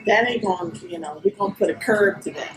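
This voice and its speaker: A woman's voice: medium pitch, background noise. A middle-aged woman chatting with her adult daughter in a restaurant, joking and laughing easily. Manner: playful, joking, quick to laugh. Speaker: vlogger's mother. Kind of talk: casual chat.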